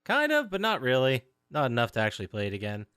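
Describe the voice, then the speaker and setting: A man's voice: mid-range voice, wildly swooping pitch, fast talker, fairly bright tone, smooth, dry recording, studio quality. A man co-hosting a podcast, talking in wry, sarcastic casual chat. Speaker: podcast co-host.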